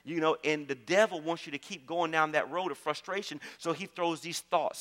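A man's voice: a little high, a little fast, hardly any pauses, sharp tone. A male pastor preaching a sermon in a church, emphatic, often checking in with the congregation and repeating key phrases. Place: church sanctuary. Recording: long reverb of a large hall.

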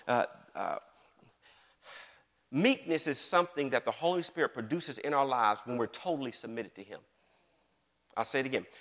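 A pastor preaching a sermon to his congregation, lively and repetitive, often asking the room whether they follow him. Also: medium pitch. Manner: animated preaching with call-and-response questions and repeated phrases. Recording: long hall reverb.

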